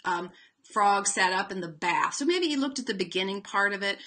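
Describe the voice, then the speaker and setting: A woman explains reading errors in a relaxed, conversational teaching voice. Her tone is bright and clear, and she stretches words slowly when demonstrating blending. She uses frequent fillers and restarts as she talks through examples. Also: mid-range voice. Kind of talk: instructional webinar talk.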